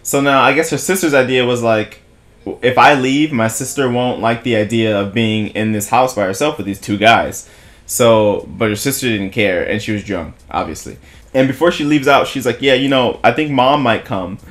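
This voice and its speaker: A young man vlogs a long, casual story with a mid-range voice at a moderate pace. He's animated, laughing a lot, swearing freely and voicing what other people said.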